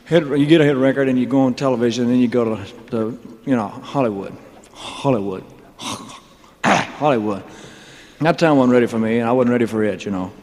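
A man's voice: medium pitch, rapid-fire, few pauses, darkish tone. A man telling his career story on a live stage, rambling with mumbled asides, wisecracks and chuckles. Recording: live hall with faint crowd ambience.

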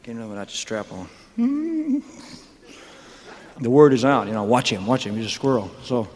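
A man's voice: lowish voice, fast, darkish tone, a little hiss or hum. A man telling stories on a concert stage in a rambling, joking way, with laughing asides. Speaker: stage performer. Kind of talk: onstage storytelling monologue. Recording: live concert hall reverb.

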